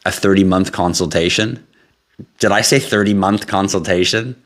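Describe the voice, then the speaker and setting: Low-voiced tired man hosting a live chat. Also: normal speed. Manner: relaxed, chatty, reads viewer questions aloud and answers. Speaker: livestream host answering crypto questions. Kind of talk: casual live Q&A.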